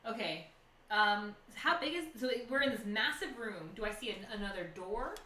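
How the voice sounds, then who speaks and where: Animated, projecting woman player. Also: medium pitch, moderate pace, reverberant, distant mic. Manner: animated, laughing, loud projecting voice. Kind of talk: playing a tabletop game.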